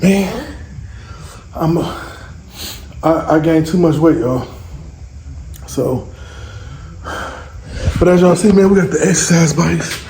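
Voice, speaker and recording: A middle-aged father casually vlogging to camera in a small home basement, rambling and talking straight to his viewers, filmed on a phone. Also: on the high side. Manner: loose, rambling, chatty, addresses viewers directly. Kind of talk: casual vlog chat to camera. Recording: echoey basement with loud background noise.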